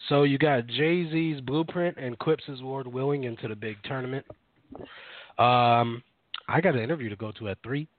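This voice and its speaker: A man's voice: medium pitch, moderate pace, no room sound. A man co-hosting a casual radio show, rambling with lots of fillers and self-corrections. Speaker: podcast co-host. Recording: dry, phone-like narrow sound.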